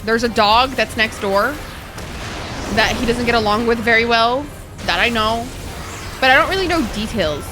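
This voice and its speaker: A young woman streaming a game, chatting casually with her viewers, swearing freely and reacting excitably. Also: on the high side, moderate pace, pauses often, music in the background. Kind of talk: casual live-stream chat.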